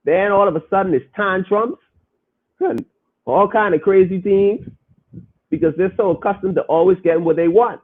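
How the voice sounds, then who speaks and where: Emphatic high-voiced man, tinny and husky. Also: moderate pace. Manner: emphatic, preachy, repeats himself. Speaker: podcast host reading chat comments. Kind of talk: casual preaching commentary.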